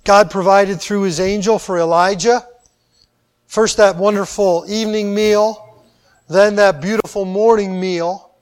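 A man with a high voice delivers a sermon. He is animated, hitting key words loudly. He then lets each phrase sink into quiet, drawn-out endings. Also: clear, resonant tone. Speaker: preacher.

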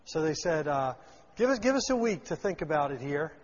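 A man with a slightly high, husky voice, very animated and fairly quick, teaches a Bible passage verse by verse. He reads the old text, then retells it in everyday language, voicing lines for the people in it. The recording is dull and lo-fi, with long hall reverb.

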